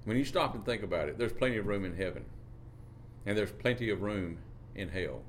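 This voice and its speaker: A man preaching a sermon, drawing out phrases and lifting his pitch on key words, reading scripture in old-fashioned wording. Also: animated, brisk, slight background noise. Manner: reads scripture in King James wording.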